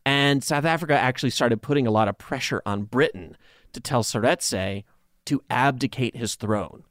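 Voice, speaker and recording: A man's voice: medium pitch, normal speed, fairly bright tone, no room sound, clean studio sound. Man co-hosting a sarcastic history podcast. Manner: profane, sarcastic storytelling. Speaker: podcast co-host. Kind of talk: casual history chat.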